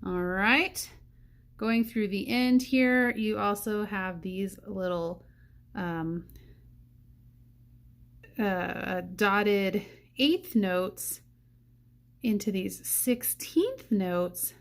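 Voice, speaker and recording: A woman teaching a saxophone part, thinking aloud and counting rhythms out loud. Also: mid-range voice, extremely slow, long pauses. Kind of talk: music lesson walkthrough.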